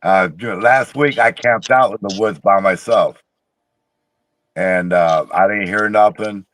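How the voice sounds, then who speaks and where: A man from Tennessee with a lowish voice talks in a plainspoken, rambling way as a podcast guest. The sound is dry and close, with no room around it. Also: unhurried, fairly bright tone, no echo. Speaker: guest, Bigfoot researcher. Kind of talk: casual podcast chat.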